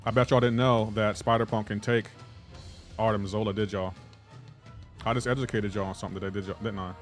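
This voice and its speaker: A man's voice: on the low side, fairly even intonation, fairly quick, soft background music. A man streaming a game live, chatting casually and playfully indignant as he banters with his chat.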